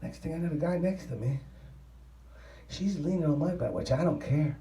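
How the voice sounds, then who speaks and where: A man's voice: fairly high pitch, normal speed. Man spinning a wild tale, roomy and distant. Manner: profane, excitable storytelling. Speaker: interviewee telling a story. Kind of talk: rambling anecdote. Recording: roomy sound from a distant mic.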